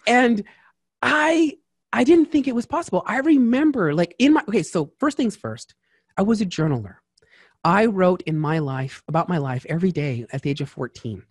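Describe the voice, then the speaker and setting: A man's voice: high-pitched, normal speed, no echo. Chatty man with a dry sound. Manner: lively, chatty, full of asides and fillers. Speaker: tax strategist guest. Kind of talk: casual interview chat.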